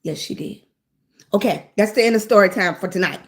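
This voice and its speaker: A woman telling a childhood story on a live stream, animated, repeating phrases and filling pauses with mm-hmm. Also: medium pitch. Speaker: lifestyle blogger on a livestream.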